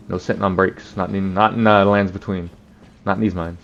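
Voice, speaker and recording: A man's voice: low voice, little pitch movement, brisk, creaky, a bit bright, muffled recording, slight background noise. A man hosting a let's play, joking and swearing in casual gameplay commentary. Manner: profane, joking, laughs often.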